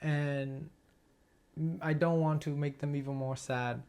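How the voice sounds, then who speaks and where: A man, an acting student, sharing a personal memory in class, halting and hesitant with many restarts. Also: fairly high pitch, little pitch movement, darkish tone.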